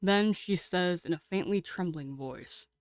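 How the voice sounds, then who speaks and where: A woman streamer reading a game aloud and chatting with her viewers, excitable and casually swearing. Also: fairly low pitch, measured pace, no echo.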